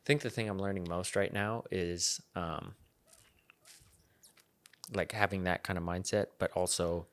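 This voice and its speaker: A young man with a very deep, low-pitched voice hosts a casual podcast chat. He rambles in a relaxed, easygoing way, swearing and laughing as he goes. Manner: laid-back, rambling, swears and laughs often. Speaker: podcast host.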